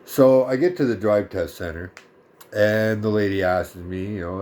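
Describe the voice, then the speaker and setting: A man's voice: on the low side, moderate pace, darkish tone, a little hiss or hum. A man in his thirties ranting to camera in a blunt, sarcastic and profane vlog story. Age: 30s. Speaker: vlogger.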